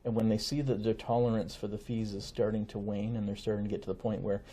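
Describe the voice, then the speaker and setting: A middle-aged man, a family lawyer, explaining things in a measured conversational way with examples and asides. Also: lowish voice, flat delivery, dark tone, husky. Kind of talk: conversational interview.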